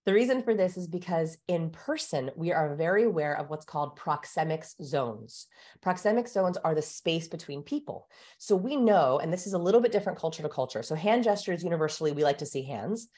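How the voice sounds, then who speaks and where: A woman's voice: sits low, animated, brisk, mellow. A woman who researches communication, guesting on an interview show and explaining with energy, like a teacher giving demonstrations.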